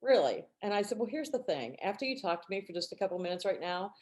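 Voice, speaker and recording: A woman's voice: animated, fast talker. A woman and team director co-hosting a book club, chatting and acting out the people she quotes. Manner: chatty storyteller who acts out quotes with a raised pitch. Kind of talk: casual chat and reading aloud.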